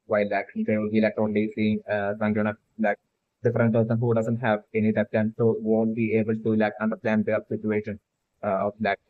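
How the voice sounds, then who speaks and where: A fan theory video maker with a lowish voice rambles through a solo commentary on a theory, cramming "like" and "uh" into nearly every phrase and restarting sentences. There's no echo, though the sound is tinny, like a phone.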